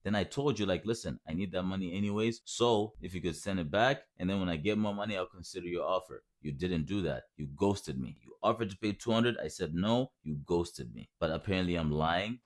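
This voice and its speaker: A man's voice: low voice, brisk, few pauses. A man in his twenties telling his own story in a heated, profane, mocking rant.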